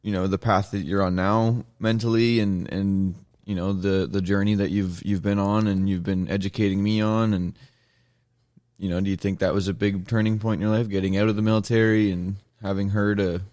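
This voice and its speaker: A man's voice: lowish voice, level tone, normal speed, a little mellow, dry recording, clean studio sound. A male podcast host asking long, rambling questions full of fillers and restarts. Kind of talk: casual interview.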